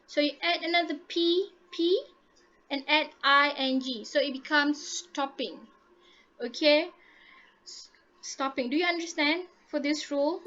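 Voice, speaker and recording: A woman leads a grammar lesson, high in pitch, spelling out rules and checking in with "okay?" after nearly every step. Her voice comes through dull and lo-fi, as if over a muffled online-class connection. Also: a little slow, bright, forceful tone. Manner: patient, repeats and checks understanding with "okay?". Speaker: English teacher. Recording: dull lo-fi audio.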